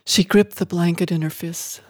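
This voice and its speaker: A narrator giving an expressive, emotive audiobook reading of a story. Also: medium pitch, normal speed, no room sound, clean studio sound.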